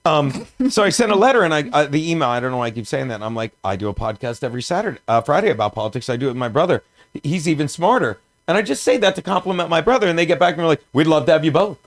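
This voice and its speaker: A man's voice: on the high side, lively intonation, rapid-fire, no echo. A man in his fifties from South Jersey, telling a rambling story on a podcast and laughing as he goes. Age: 50s. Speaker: comedian guest.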